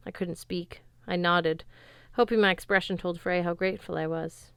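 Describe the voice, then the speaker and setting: A woman giving a steady, wry first-person audiobook narration in a studio. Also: fairly low pitch, normal speed, few pauses, clean tone, dry recording.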